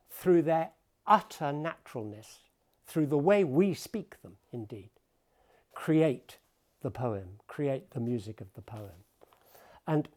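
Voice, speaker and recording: Slow, thoughtful male piano lecturer. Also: fairly high pitch. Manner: thoughtful, explanatory, with pauses. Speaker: pianist and lecturer. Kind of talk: talk at the piano about poetry and music.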